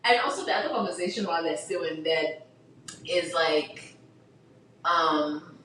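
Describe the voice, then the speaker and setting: A woman's voice: sits low, measured pace, a bit bright, slight background noise. A woman in a casual book chat who retells scenes with animation, acts out the characters' lines and says "like" constantly. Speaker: podcast co-host. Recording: roomy, distant mic.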